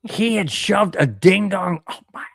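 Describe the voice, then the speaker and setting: An American man co-hosting a casual sports podcast, telling a rambling story and reading out viewer chats in an excitable way. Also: high-pitched, unhurried, vocal fry, no echo, clean studio sound. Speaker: podcast co-host.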